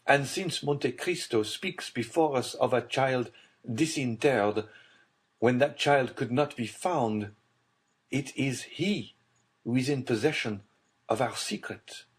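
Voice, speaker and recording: A man's voice: medium pitch, slow pace, husky, voice pushed up. A man voicing a desperate middle-aged nobleman who speaks with tense, urgent gravity in an audiobook. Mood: grave. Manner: tense, urgent and grave delivery. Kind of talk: audiobook character voice.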